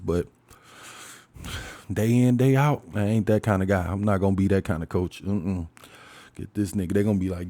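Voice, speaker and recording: Forties male podcast host, AAVE speech, low mellow voice, profane and animated solo talk. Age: 40s. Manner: profane, animated storytelling with frequent laughs. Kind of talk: casual solo podcast monologue.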